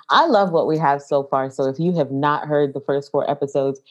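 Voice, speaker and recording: A woman with a notably low voice co-hosting a casual podcast. She is upbeat and giggly, and she hands out practical advice in a lively, easygoing way. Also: dull audio. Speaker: podcast co-host. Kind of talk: casual chat.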